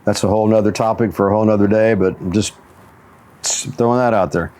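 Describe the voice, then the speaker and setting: A man's voice: lowish voice, fairly even intonation, quick pace, a little mellow. A man hosting a motivational talk show, telling stories and chuckling often as he talks. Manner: storytelling with frequent chuckles. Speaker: show host and jiu-jitsu instructor.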